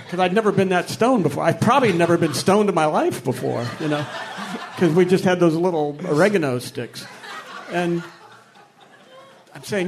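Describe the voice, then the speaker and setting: A man's voice: high-pitched, normal speed. A man from Ohio, a musician guest telling rambling anecdotes and chuckling as he goes. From Akron, Ohio, USA. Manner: rambling, chuckles through his stories. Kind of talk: anecdotal storytelling.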